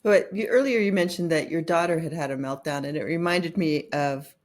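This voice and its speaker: A woman's voice: sits low, a little fast. A middle-aged woman, a podcast guest and author, telling candid stories in conversation with quoted dialogue and laughter.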